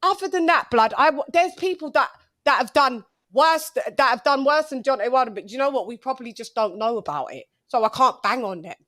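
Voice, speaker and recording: Emphatic high-voiced woman host. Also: expressive, fairly quick, a bit bright, no room sound, clean studio sound. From England. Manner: emphatic, repeats herself for effect, slangy. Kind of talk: call-in sports show.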